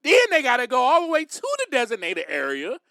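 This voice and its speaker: A man's voice: very high-pitched, wildly swooping pitch, a little fast, creaky, sharp tone, no room sound. A man hosting a podcast and giving recovery advice in a direct, emphatic, preachy way. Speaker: podcast host.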